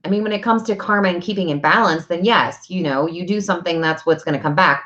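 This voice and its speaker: A woman's voice: medium pitch, highs cut off. A woman giving a casual, earnest talk on energy healing, speaking directly and asking herself rhetorical questions. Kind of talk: casual spiritual talk to camera.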